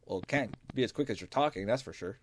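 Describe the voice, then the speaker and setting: A man commenting as he plays a video game, excitable and jokey, talking back to the characters on screen. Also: fairly low pitch, quick pace, noisy background. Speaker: gaming video host. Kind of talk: let's play commentary. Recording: faint music behind.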